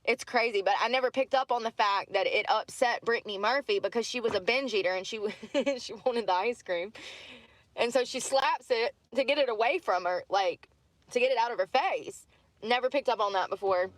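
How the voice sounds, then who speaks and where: Lady vlogging, rambly and laughing a lot, kinda high voice. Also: moderate pace, no room sound. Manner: chatty, laughs often, rambling asides. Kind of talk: casual chat to camera.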